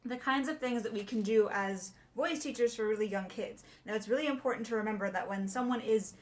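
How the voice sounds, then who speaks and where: A young adult woman voice teacher explaining warm-ups in a chatty way and singing short demonstrations. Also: fairly high pitch, fairly quick, a little hiss or hum. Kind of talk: casual video lesson.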